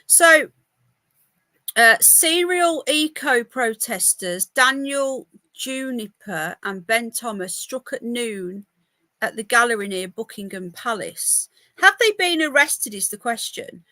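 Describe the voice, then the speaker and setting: Brief: woman, chatty home podcast host, bright, slightly high voice, dry close laptop sound, rambling and easily sidetracked. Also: lively intonation, takes it slowly, dry recording. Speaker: podcast host reading news. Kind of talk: casual live news chat. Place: home by a window. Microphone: laptop mic.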